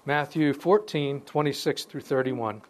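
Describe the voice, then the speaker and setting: A man giving an informal Bible study. He reads passages aloud and stops often to comment, and he restarts phrases as he talks. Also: medium pitch. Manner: conversational, pauses to comment between verses, restarts phrases. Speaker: Bible teacher. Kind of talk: informal Bible study talk with scripture reading.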